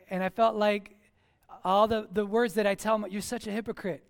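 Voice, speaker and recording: High-voiced preaching man. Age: adult with children at home. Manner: animated preaching, swings from quiet asides to raised exhortation. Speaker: pastor. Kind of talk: sermon.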